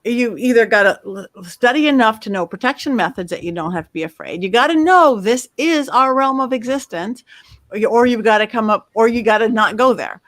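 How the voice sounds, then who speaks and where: Animated middle-aged woman telling stories. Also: on the high side, a little fast, no echo, studio quality. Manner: animated storyteller, acts out quotes. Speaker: medium, panel guest. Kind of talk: casual panel chat.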